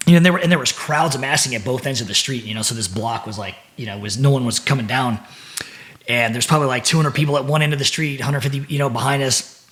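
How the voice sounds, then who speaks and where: A man's voice: medium pitch, fast. A middle-aged man, a former Navy SEAL, recounting a story as a podcast guest, with plenty of swearing and restarted phrases. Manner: profane, animated, repeats words while telling. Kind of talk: casual storytelling.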